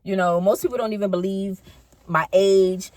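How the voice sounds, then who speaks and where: A woman's voice: medium pitch, fairly even intonation, moderate pace, a little mellow, dry recording. A woman in her fifties chatting casually in a rambling, self-correcting way for a car-ride vlog. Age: 50s. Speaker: vlogger.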